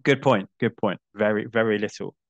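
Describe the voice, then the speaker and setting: A man's voice: on the low side, steady tone, normal speed, vocal fry, no echo, highs cut off. A middle-aged man hosting a casual film chat, thinking aloud and restarting his sentences. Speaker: podcast host.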